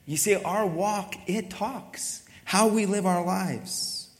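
Male pastor with a fairly high voice, talking to his congregation with lots of rhetorical questions, recorded with a long hall reverb. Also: slow pace. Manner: conversational preaching with rhetorical questions. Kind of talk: sermon.

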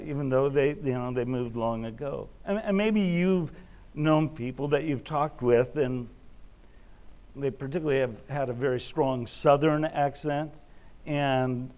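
A middle-aged man preaching a sermon in a relaxed, conversational way, often restarting his phrases as he tells personal stories. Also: mid-range voice. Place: Alaska.

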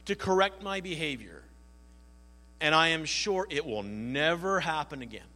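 A preacher putting on a primly polite parrot. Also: male voice, on the high side, expressive, measured pace, bright, forceful tone, big-room sound. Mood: contrite, polite. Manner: prim, formal apology. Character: reformed foul-mouthed parrot, suddenly polite.

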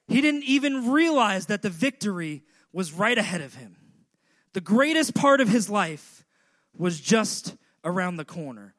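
A male preacher delivering a sermon with rhythmic repetition that builds to shouts. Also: high voice, very animated, unhurried.

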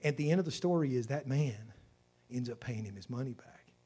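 A man's voice: medium pitch, lively intonation, a little fast, dark tone, husky. A man preaching a sermon, emphatic, with surges in volume on key phrases as he tells stories. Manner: storytelling preacher.

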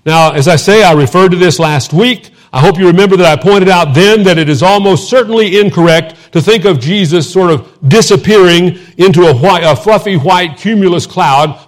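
Texan preacher, slightly high voice. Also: male voice. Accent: Texas. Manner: conversational, asides and self-deprecating humor; reads scripture slowly and deliberately. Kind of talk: sermon.

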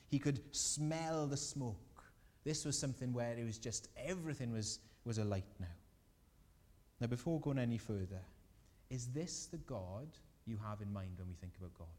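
Lively man preaching a sermon. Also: medium pitch. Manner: lively, emphatic, asks the listeners questions.

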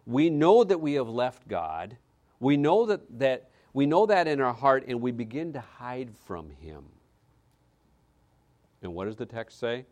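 Male pastor mid-sermon; lively intonation, dramatic loud-to-hushed delivery. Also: medium pitch, normal speed.

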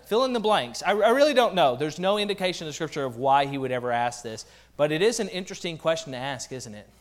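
Delivering a sermon with lively energy, this pastor drops in playful asides. He talks fast, and his voice sits high for a man.

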